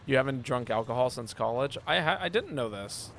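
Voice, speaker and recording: A man streaming a game, chatting casually and joking with his viewers, now and then yelping with excitement. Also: medium pitch, fairly quick, gravelly, slight background noise. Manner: relaxed, joking, with sudden excited yelps. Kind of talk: casual gameplay chat. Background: game music.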